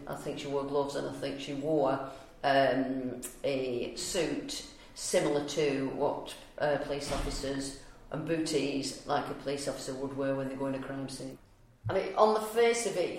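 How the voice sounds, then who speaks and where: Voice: mid-range voice, a little hiss or hum. A speaker giving reflective interview commentary on a case. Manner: reflective, with fillers and restarts. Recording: very echoey room.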